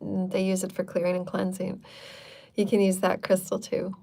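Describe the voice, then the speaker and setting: A woman's voice: mid-range voice, completely flat delivery, moderate pace, vocal fry, mellow. A woman hosting a live channeled spiritual talk, speaking in repetitive, chant-like affirmations and loose, chatty asides. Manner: chatty and loose, with frequent fillers.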